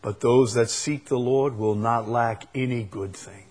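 A man preaching a sermon, repeating key phrases and swinging between loud proclaiming and quiet intensity. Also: medium pitch, fairly even intonation, measured pace.

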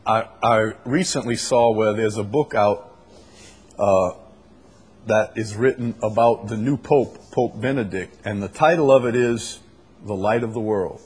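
Man, preacher, low voice, husky, conversational sermon, frequent throat clearing. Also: measured pace, darkish tone. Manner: conversational, with fillers and restarts, reads scripture aloud.

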